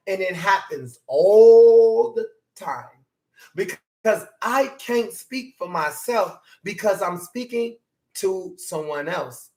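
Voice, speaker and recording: A man preaching a motivational sermon, animated and hollering, his voice climbing higher as he makes his point. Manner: voice climbs high when emphatic.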